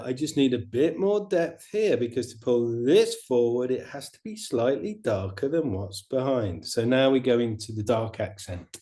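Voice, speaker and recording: A middle-aged man teaching watercolor painting, chatting in a relaxed way and explaining each step as he paints. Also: mid-range voice, normal speed. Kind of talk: painting demonstration.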